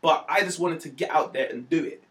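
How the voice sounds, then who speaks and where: Comedian dude, quick talker, animated and slangy, does little voices for quotes. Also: male voice, fairly high pitch. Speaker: comedian guest. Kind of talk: casual storytelling chat.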